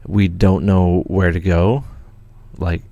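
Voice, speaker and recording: A Canadian man hosting a livestream, telling a story in an excited, rambling way with lots of swearing and restarts. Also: deep voice, slow pace, vocal fry, dull audio. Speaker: channel host.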